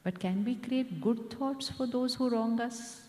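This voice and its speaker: A woman with an Indian English accent giving a calm, repetitive meditation talk as a spiritual teacher, often asking the audience questions. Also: a little high, unhurried. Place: large hall at a live event. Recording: echoey hall with long reverb.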